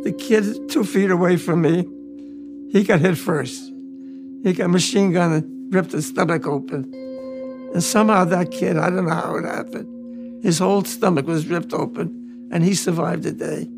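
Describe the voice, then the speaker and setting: A very old man from the United States recalls his war days, his voice pitched high for a man and rough with a gravelly rasp. He speaks plainly and haltingly, and he circles back to repeat the words that matter most. Soft music plays quietly beneath him. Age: 90s. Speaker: war veteran recounting memories. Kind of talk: personal testimony storytelling.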